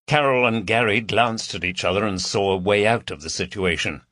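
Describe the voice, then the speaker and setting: A man narrating a crime audiobook in a measured storytelling voice. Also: fairly low pitch, fairly bright tone, dry recording, clean studio sound. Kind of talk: scripted narration.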